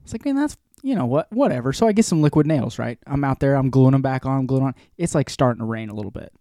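A man in his forties telling a long rambling story in casual chat, animated and profane, as a podcast co-host. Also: medium pitch, fast, no room sound, clean studio sound.

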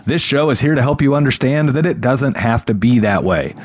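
A man's voice: mid-range voice, lively intonation, fairly quick, dry recording, clean studio sound. A man hosting a podcast, joking and laughing often in casual banter. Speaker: podcast host. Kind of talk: casual chat.

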